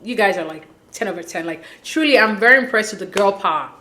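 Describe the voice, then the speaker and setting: A woman hosting a casual recap of a dating show, chatty, opinionated and quick to laugh. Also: mid-range voice, expressive, sharp tone. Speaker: reality show recap host.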